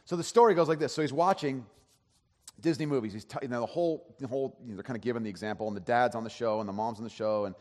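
A man's voice: medium pitch, very fast, a little mellow. A man giving a sermon as pastor, telling a story in a conversational way with frequent restarts. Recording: long hall reverb.

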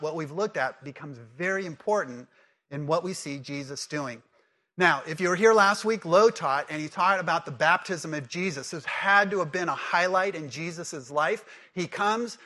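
Bright-voiced man preaching a sermon. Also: fairly high pitch. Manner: conversational, asks the congregation questions; emphatic repetition. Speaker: pastor.

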